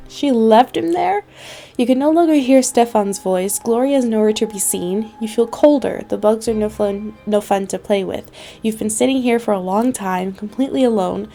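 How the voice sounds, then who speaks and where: A woman's voice: medium pitch, dark tone. A young woman hosting a gaming video, reading the story text aloud with playful asides. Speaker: gaming channel host. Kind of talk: let's play narration.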